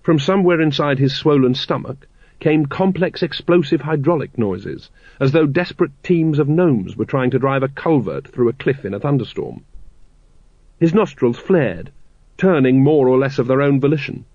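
A man's voice: mid-range voice, expressive, normal speed, darkish tone, no room sound. Man narrating a comic audiobook, dry. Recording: slightly muffled dry recording.

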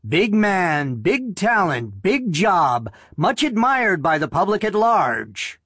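A sharp, penetrating mechanical alarm clock voice, put on by a man reading aloud, pitched well above his usual tone and pressing hard with insistent flattery. It sounds loud and dry, recorded close with no room around it. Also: takes it slowly, dry recording, heavily acted. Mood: pushy.

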